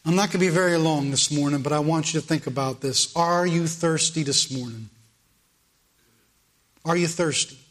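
A man's voice: a little high, moderate pace. A male preacher delivering a morning sermon, emphatic and repeating phrases for weight.

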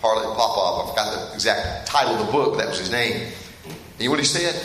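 A middle-aged man preaching a sermon in a church, talking straight to the congregation and telling stories in an animated way that gets him laughing. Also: on the low side, fast talker. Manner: storytelling, animated and laughing at funny parts; addresses the congregation directly. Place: church hall. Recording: echoey hall with faint room noise.

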